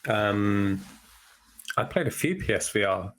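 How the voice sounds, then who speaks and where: Low-voiced man explaining thoughtfully. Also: animated, a little slow, fairly bright tone. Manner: thoughtful, explaining with many fillers. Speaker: podcast co-host. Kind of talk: casual chat.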